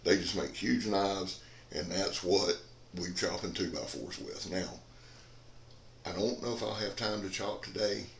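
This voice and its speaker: Low gravelly man in an echoey room. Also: fairly even intonation, a little slow, slight background noise. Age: 40s. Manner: rambling, folksy, digresses. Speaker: knife reviewer. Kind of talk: casual chat. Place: dim indoor room.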